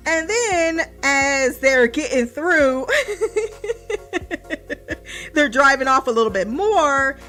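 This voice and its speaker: A woman's voice: high-pitched, animated, slow, pauses often, a bit bright, soft background music. A young woman recapping a TV episode in casual podcast chat, laughing often, swearing and mimicking the characters.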